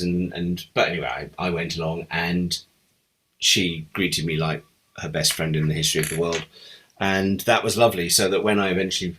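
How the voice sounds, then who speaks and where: A man's voice: deep voice, steady tone, a little fast, pushed and bright, breathy edge. A middle-aged man, a television script editor, telling fond, rambling anecdotes in an interview. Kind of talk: reminiscing interview answers.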